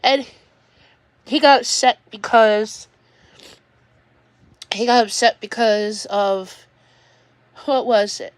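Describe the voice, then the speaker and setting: Slow and pausing often, a woman's fairly high voice carries an upset, rambling livestream from her home. She repeatedly starts sentences over in this emotional personal monologue, recorded without echo.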